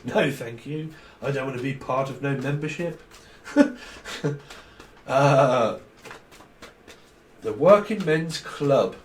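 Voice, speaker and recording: A man's voice: mid-range voice, animated, slow pace, pauses often. A man giving a casual, rambling tarot reading full of jokes. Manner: rambling, joking, laughs often. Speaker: tarot reader. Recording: roomy, distant mic.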